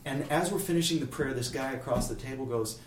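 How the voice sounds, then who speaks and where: A man from Kansas City telling a faith story in a casual interview, lively and acting out the people he quotes. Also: mid-range voice, fast talker. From Kansas City, USA. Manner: animated storyteller, acts out quoted voices. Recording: roomy, distant mic, faint room noise.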